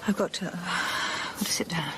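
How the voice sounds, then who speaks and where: An actress in her thirties playing an emotional grieving mother who often speaks in a breathy half-whisper in a radio drama. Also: moderate pace, natural voice. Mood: breathless, excited. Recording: radio broadcast with clear hiss.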